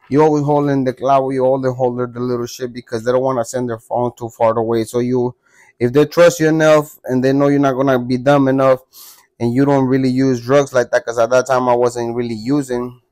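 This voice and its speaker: A man recounts a story in casual storytelling mode, blunt and full of profane street slang. His voice sits at an ordinary middle pitch. The sound is dry and close. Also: flat delivery, brisk, darkish tone, dry recording.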